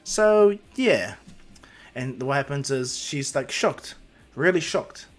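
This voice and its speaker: A man's voice: mid-range voice, a little slow, a bit bright. A man casually narrating an improvised fan story, with lots of fillers. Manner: casual, rambling, many fillers.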